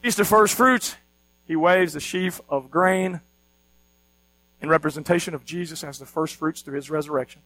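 A man's voice: on the high side, normal speed, pushed and bright, dry recording, rough recording. A man preaching a sermon as pastor, teaching with energy and often asking the congregation questions.

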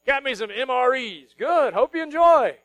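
A male pastor preaching a sermon, switching between quiet earnest stretches and loud mocking outbursts. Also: very high voice, moderate pace, no room sound, faint music behind, rough recording. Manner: animated, mocking voices of worried people, rising to shouts.

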